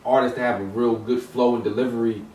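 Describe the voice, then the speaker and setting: A man's voice: mid-range voice, fairly even intonation, fast talker, a little mellow. A man in a casual hip hop discussion, talking in a rambling way with many restarts and fillers. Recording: roomy echo, distant mic, some noise.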